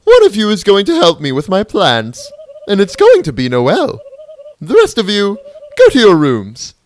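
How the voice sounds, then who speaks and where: A player voicing a pompous computer queen from a game, in a booming, theatrical, strained high voice. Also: wildly swooping pitch, normal speed, a little hiss or hum. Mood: imperious.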